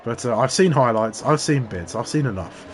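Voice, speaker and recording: A man co-commentating a sim race, telling rambling anecdotes with halting restarts. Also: medium pitch, expressive, slight background noise.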